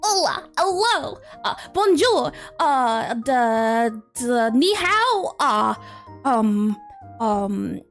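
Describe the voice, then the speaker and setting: A woman's voice: on the high side, very animated, drawn-out words, faint music behind. A woman streamer chatting casually on a livestream, bubbly and giggly, doubling up her greetings.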